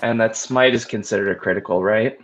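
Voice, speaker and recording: A man's voice: on the low side, a little fast, fairly bright tone. A man playing a tabletop game, asking about the rules and adding up his damage. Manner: asks rules questions, tallies numbers. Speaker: player. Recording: dull lo-fi mic.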